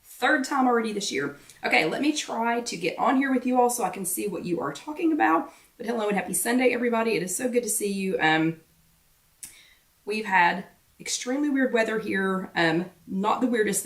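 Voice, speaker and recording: A woman hosting a live weight-loss workshop chat greets viewers one by one in a casual, familiar way, her voice going hoarse. Sitting back from the mic, she sounds distant with a roomy echo. Her medium-pitched voice is expressive and a little fast.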